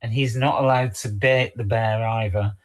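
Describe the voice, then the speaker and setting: Co-host, mid-pitched, halting and repetitive in casual chat. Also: fairly even intonation. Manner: halting, repeats words, lots of fillers.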